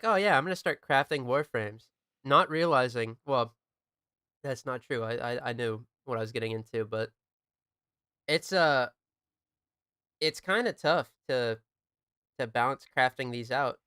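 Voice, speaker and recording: Young guy streaming games, chill, cusses a lot, smooth clear tone. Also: mid-range voice, a little slow, pauses often, sharp tone, dry recording, studio quality. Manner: laid-back, swears often, jokes with chat. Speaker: game streamer. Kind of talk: casual chat while gaming.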